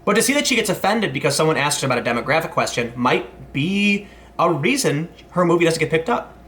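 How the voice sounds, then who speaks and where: A man's voice: fairly high pitch, very animated, brisk, fairly bright tone. A man in his thirties hosting a casual commentary vlog, rambling with many restarts and asides. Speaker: commentary host.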